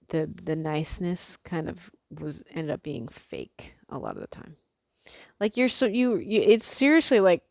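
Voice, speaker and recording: Young woman vlogger, low pitch, dry close sound, loose sweary chatty delivery. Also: vocal fry, a little mellow, dry recording. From Pacific Northwest. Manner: chatty, swears freely, frequent fillers and restarts. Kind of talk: casual rambling monologue.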